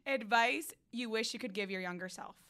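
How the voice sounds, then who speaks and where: A woman hosting her own podcast, asking questions and agreeing warmly with her guest. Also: fairly high pitch, normal speed. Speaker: podcast host. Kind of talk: casual interview talk.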